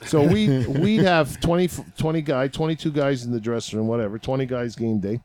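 A man in a relaxed podcast conversation who spins old hockey stories with plenty of energy and a swear word every few seconds. His voice sits at an ordinary middle pitch, and he laughs easily as he talks. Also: a little fast, no echo. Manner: profane, animated storyteller, laughs often. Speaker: podcast guest, former hockey player. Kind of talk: casual storytelling chat.

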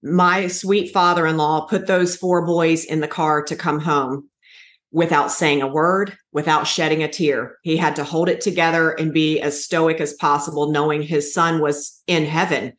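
A woman in her forties recounts a painful memory as a guest, earnest and halting, with restarts. Her voice sits a little low. The room around her rings noticeably. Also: little pitch movement. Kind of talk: emotional personal storytelling. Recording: echoey room.

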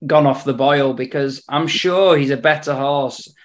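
A man talking through horse racing picks in a relaxed podcast chat. He speaks at a middling pitch and often doubles back on his words. His humour stays dry throughout. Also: unhurried. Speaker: racing tipster on betting podcast.

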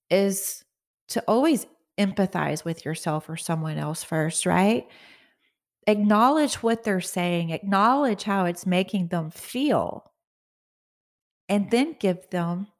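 A middle-aged woman talks on her own podcast in a casual, motivational way. She speaks at a middle pitch, earnestly and conversationally, and keeps checking in with her listeners. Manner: earnest, conversational, often asks "right?". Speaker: podcast host.

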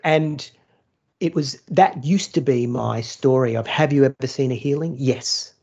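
A man's voice: medium pitch, a little slow, gravelly, a little mellow, breathy edge, lo-fi sound. A man, a former churchgoer turned atheist, telling a story in casual podcast chat, blunt and swearing freely.

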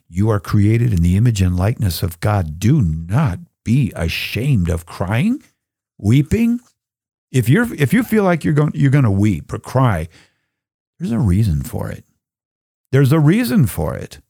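A middle-aged man hosting a faith podcast, reflecting on Bible verses in an earnest, conversational way and reading Scripture slowly. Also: mid-range voice, dry recording, clean studio sound. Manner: gets choked up and soft when sharing personal grief. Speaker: podcast host. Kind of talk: reflective Bible teaching talk.

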